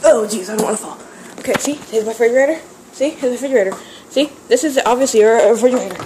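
Her voice a little high and racing, a young woman rambles giddily through a hyper solo vlog, bursting into squeals and screams. She moves from her home kitchen outdoors to a yard, all recorded on noisy home camera audio.

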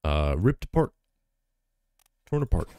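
A man with a deep voice speaks unhurriedly in a clean recording with no room sound. He's streaming a game, casually thinking out loud, and gets animated when things go wrong, exclaiming and swearing through his commentary.

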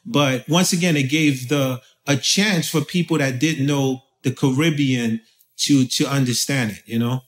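A man from Haiti talking as an interview guest, telling stories in a loose, animated way with lots of fillers. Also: mid-range voice, unhurried. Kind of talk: casual conversation.

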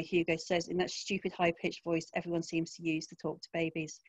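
A woman author reading her first-person crime story aloud in a wry, even narration over a video call. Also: on the low side, fairly quick, breathy edge, no room sound. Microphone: home computer mic, video call.

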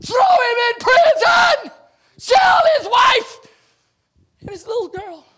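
A man preaching, acting out an arrogant servant who shouts demands at a debtor. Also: extremely high pitch, sing-song, measured pace, exaggerated voice. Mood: bullying. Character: arrogant grasping male servant, bullying.

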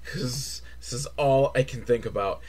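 A man recapping a movie as comedy, sarcastic and swearing, switching from flat muttering to shrill mock excitement. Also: measured pace. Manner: sarcastic, swears, mocking kid-show cheer. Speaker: movie reviewer.

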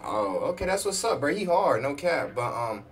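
A man's voice: on the high side, very animated, normal speed, breathy edge. A man streaming a game, chatting in slang and egging other players on over voice chat. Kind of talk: gaming voice chat. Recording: noisy game audio.

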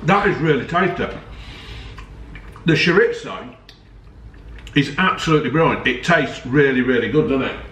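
A man's voice: mid-range voice, lively intonation, normal speed, long pauses, a bit bright, recorded from a distance. A man chatting casually and joking as he reviews ready meals at home, swearing now and then. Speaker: food reviewer vlogger. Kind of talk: casual food review chat. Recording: roomy sound from off the mic, faint noise.

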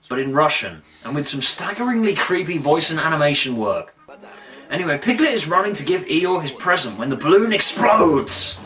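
A man's voice: a little high, big pitch swings, normal speed, sharp tone, recorded from a distance. Man doing a mock-dramatic comic review. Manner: mock-dramatic, with sudden exaggerated outbursts. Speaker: video reviewer. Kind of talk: comic commentary.

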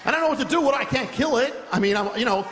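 Animated preacher man in a reverberant hall. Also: extremely high pitch, fast talker, a little hiss or hum. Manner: animated, laughing through a funny story. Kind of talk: sermon storytelling. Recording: long reverb of a large hall.

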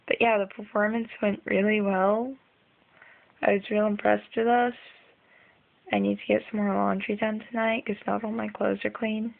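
A woman's voice: medium pitch, vocal fry, narrow, tinny audio. A young woman rambling casually in a video diary, chatty and full of ums. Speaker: vlogger.

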